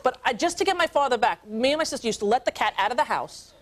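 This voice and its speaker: A woman in her thirties, a talk show guest, telling comic stories in an animated way and doing voices of the people in them. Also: fairly high pitch, racing. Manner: animated, does voices of family and stars. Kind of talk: comic storytelling. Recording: archival TV tape, faint hiss.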